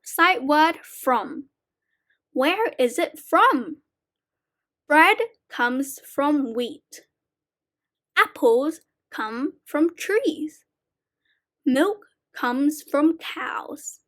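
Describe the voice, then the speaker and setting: A woman slowly reading short children's poems aloud as a reading teacher, in a deliberate sing-song way. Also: sits high, animated, a bit bright.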